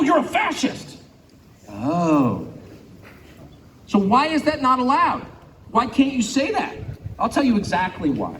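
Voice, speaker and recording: A middle-aged man from California gives a public speech to an audience, animated and sarcastic, mocking imagined critics. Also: high-pitched, a little hiss or hum. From California, United States. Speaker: guest speaker. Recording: echoey hall, faint ambience.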